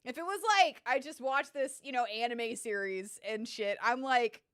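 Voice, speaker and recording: Excitable, swearing young woman streamer. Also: on the high side, moderate pace, clear, resonant tone, no echo, studio quality. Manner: excitable, sarcastic, swears a lot. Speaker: streamer playing a game. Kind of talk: casual gaming commentary. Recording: game music underneath. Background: game music.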